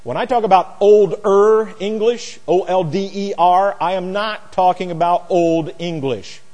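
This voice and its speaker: A man's voice: sits high, a little slow, a little mellow, in a large hall. A man teaching a Bible lesson like a sermon, spelling out words letter by letter, with mocking asides. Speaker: preacher.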